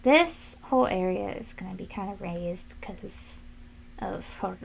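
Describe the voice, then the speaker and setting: A woman's voice: medium pitch, measured pace, creaky, a little hiss or hum. A young woman streamer chatting casually and animatedly while she works, quoting people in raised voices. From family from New England, lives in Florida.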